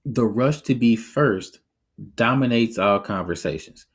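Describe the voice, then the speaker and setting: A man hosting a podcast, giving his opinions in a casual, animated way and often laughing as he talks. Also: mid-range voice, a little slow, slightly rough. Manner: conversational, reflective. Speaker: podcast host.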